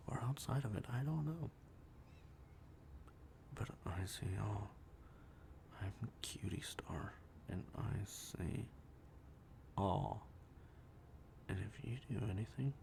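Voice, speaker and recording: A man voicing a magical star mascot in whispered role-play, slow and low with whispery menace. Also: gravelly, warm tone, slight background noise. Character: magical star mascot, spooky all-seeing.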